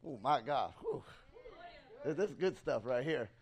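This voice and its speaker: A man preaching an excitable sermon in a church, pausing for a live interpreter and calling out to the congregation. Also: mid-range voice, breathy edge. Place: church sanctuary.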